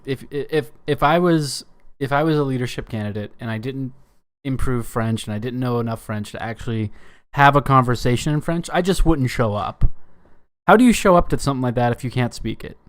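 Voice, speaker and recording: Man, from Canada, reaction host, blunt, offhand, mid-pitched voice, dry close sound. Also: no room sound. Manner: blunt, offhand, trailing restarts. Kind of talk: casual reaction commentary.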